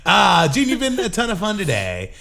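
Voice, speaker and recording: A man hosting a podcast, chatting casually with a guest and cracking quick jokes between filler words. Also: high-pitched, huge pitch swings, gravelly, bright, forceful tone. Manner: jokey, quick quips, trails off with fillers. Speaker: podcast host. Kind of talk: casual interview chat.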